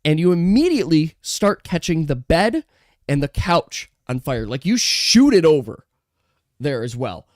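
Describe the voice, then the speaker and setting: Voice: medium pitch, no room sound, clean studio sound. Laughing tabletop game master. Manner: lively, laughing, quick asides to players.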